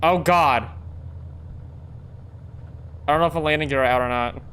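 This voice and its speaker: A man's voice: mid-range voice, steady tone, racing, fairly bright tone, slight background noise. A young man streaming a flight game, rambling and getting frustrated with his controller. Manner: frustrated, rambling, self-interrupting. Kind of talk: casual live-stream chat while gaming.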